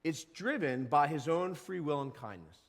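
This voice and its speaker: A male pastor giving a casual, animated sermon and now and then acting out grumbling workers. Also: on the high side, normal speed, in a large hall. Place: church sanctuary.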